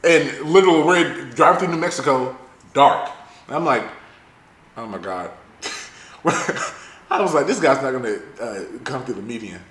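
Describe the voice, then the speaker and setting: A man's voice: mid-range voice, lively intonation, normal speed, a bit bright. A young man co-hosting a podcast, chiming in with details and laughing along with a friend's story. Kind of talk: casual storytelling chat. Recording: echoey room.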